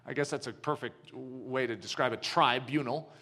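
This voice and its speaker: A man's voice: mid-range voice, moderate pace, bright, forceful tone. A man preaching a sermon, telling a story dramatically and asking his audience questions. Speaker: pastor.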